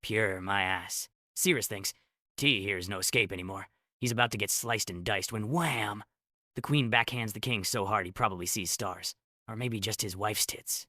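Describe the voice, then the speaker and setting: A man's voice: fairly low pitch, moderate pace, bright, forceful tone, no room sound, clean studio sound. Snarky man narrating a comic recap. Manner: sarcastic, snarky asides. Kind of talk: comedic story recap narration.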